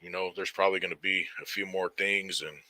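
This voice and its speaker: A low-pitched man with a sharp, bright edge to his voice chats loosely with his viewers and greets them by name in street slang. The sound is dry and close, with no room around it. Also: steady tone, a little fast, no room sound. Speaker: livestream host. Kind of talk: casual livestream chat reading viewer comments.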